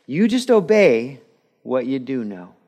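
A man preaching a sermon in a church, animated and laughing with the audience, acting out quotes. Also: mid-range voice, unhurried. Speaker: pastor.

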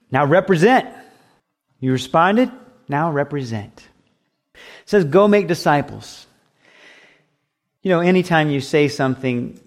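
A man preaching a sermon as pastor, emphatic and repetitive, with acted asides. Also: mid-range voice.

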